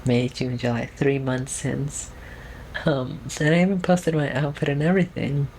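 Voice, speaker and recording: She's a young adult vlogger at home, just her and the camera, offering a loose, casual update thick with fillers and restarts. Her trained feminine voice is mid-range and a little mellow, with fairly even intonation and a moderate pace. A little hiss or hum runs through the rough recording.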